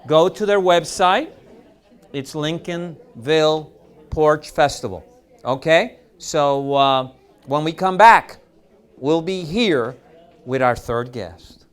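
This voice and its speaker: A male host emceeing a live variety show. His voice sits slightly high, and he speaks loudly with upbeat energy. He calls out to the crowd in a plain, friendly way. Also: slow pace, clear, resonant tone. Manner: loud, upbeat, emcee delivery.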